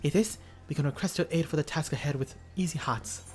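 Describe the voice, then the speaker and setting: A man voicing a quick, polite tribeswoman in a put-on accent. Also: on the high side, darkish tone, close to an everyday voice. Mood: earnest. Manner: reads quest lines aloud in a put-on accent, with stumbles. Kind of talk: reading game dialogue aloud.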